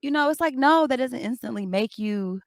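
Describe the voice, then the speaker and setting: A woman's voice: on the high side, moderate pace, gravelly, a loud crowd. A young adult woman co-hosting a book club podcast, talking bluntly with plenty of swearing and acting out little scenes. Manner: blunt, profane, animated storytelling. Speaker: podcast co-host. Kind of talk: casual book club chat.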